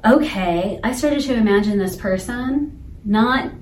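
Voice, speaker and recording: Animated woman telling a story in an echoey room. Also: a little high, a little slow, a little hiss or hum. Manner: animated storyteller, laughing through her story. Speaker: podcast co-host and emotional intelligence coach. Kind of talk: casual chat.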